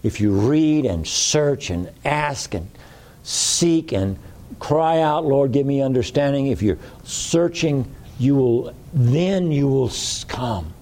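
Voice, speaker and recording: A man's voice: medium pitch, lively intonation, takes it slowly, darkish tone. A man preaching a sermon in a folksy way, repeating phrases for emphasis.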